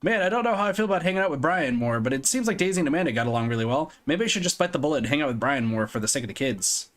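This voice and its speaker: A young man reads game narration on his stream, his slightly raised voice lively and full of swings. He is playful and jokey, commenting as he goes. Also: on the high side, very fast. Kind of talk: reading a visual novel aloud while streaming.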